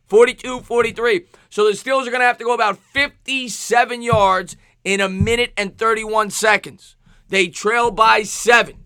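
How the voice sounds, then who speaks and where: Man with a new york accent, high voice, dry close sound, excitable live football play-by-play streamer. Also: dry recording. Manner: excitable, rhyming calls, thanks chat viewers. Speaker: sports streamer.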